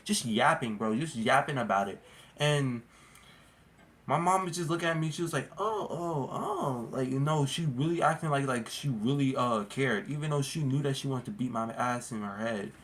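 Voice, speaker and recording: A man's voice: mid-range voice, normal speed, a bit bright. A man casually telling a storytime vlog, rambling and slangy, full of "like" and "bro". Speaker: vlogger.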